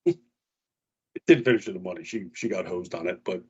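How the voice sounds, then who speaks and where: A man's voice: sits low, normal speed, breathy edge, highs cut off. A man co-hosting a radio talk show, telling a story in casual chat and acting out what others said in a raised voice. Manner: animated storyteller, acts out quotes in a raised voice.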